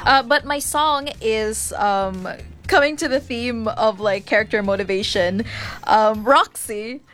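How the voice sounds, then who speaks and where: A woman's voice: a little high, unhurried, fairly bright tone. A woman co-hosting a radio show in casual chat, giggling and filling her talk with "like" and "um". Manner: chatty, giggly, lots of fillers.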